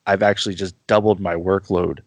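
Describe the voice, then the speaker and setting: An easygoing man talks as a podcast guest, his voice sitting a little low. He is chatty and laughs at himself often. The sound is dry and close, with no room around it. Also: level tone, a little fast, no room sound. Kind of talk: casual podcast chat.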